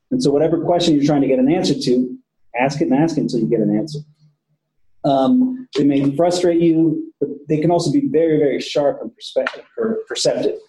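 A man's voice: mid-range voice, fairly quick, mellow, echoey room, rough recording. A man who works with patients, giving a casual training talk to police officers and often repeating himself. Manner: conversational, repeats words, casual swearing. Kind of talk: training lecture.

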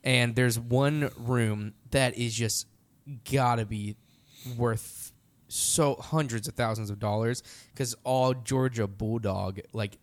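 A man's voice: mid-range voice, slow pace. Chatty young man telling a story. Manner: animated, heavy use of "like" fillers. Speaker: podcast storyteller, band member. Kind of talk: casual storytelling chat.

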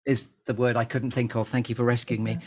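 A man's voice: medium pitch, little pitch movement, fast talker, a crowd in the background. A man hosting a chatty live podcast interview, playful and theatrical, wandering off on tangents. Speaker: podcast host.

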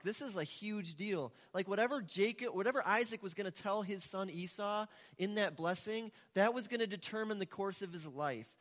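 A man's voice: sits high, fairly bright tone. A male pastor delivering a sermon, retelling a story in a casual, conversational way. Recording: echoey hall with long reverb.

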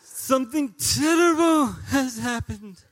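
A man's voice: expressive, slow, heavily acted. A man preaching, putting on a Spanish accent to play a desperate father pleading for help. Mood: alarmed. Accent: put-on Spanish accent. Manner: pleading, high and loud, drawn out. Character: desperate middle-aged Colombian father pleading. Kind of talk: sermon storytelling.

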